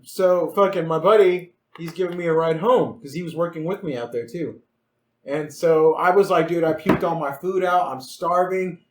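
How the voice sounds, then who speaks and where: A young man co-hosting a podcast, telling a rowdy story in casual chat, animated and swearing, acting out what people said. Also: on the high side, moderate pace, a little hiss or hum. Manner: animated, swearing, acts out quotes, laughs often. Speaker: podcast co-host. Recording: echoey room.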